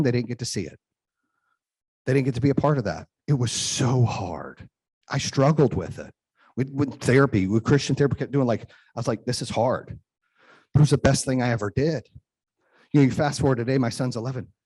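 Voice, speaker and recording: Husky man giving a keynote. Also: mid-range voice, animated, a little fast, darkish tone, dry recording. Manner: emphatic storytelling with tag questions. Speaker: keynote motivational speaker. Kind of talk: motivational keynote speech. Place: event stage before a live audience.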